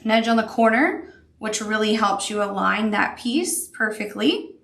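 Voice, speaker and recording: In an echoey room, a woman with a somewhat high, creaky voice talks at a normal speed. She's a sewing instructor giving a chatty, upbeat crafting tutorial as she works.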